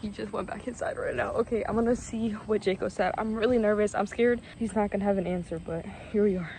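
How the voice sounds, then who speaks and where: Brief: young adult woman, casual vlogger, excitable and gushing, mid-pitched, faint background hiss. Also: fast talker. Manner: excitable, gushing, lots of "like" and "literally". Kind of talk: casual faith vlog.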